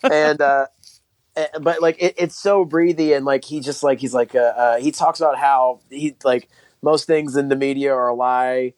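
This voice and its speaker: A man's voice: mid-range voice, fairly even intonation. A man co-hosting a podcast, telling rambling stories full of restarts and swearing. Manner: rambling, halting, profane storytelling. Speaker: podcast co-host. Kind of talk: casual podcast chat.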